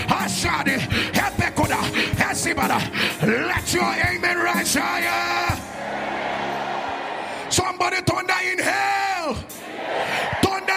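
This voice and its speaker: High-pitched shouting male preacher. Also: gravelly. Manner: shouting, sing-song cadence, repeated calls to the congregation; fillers of "uh" between phrases. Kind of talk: charismatic sermon with call-and-response and tongues.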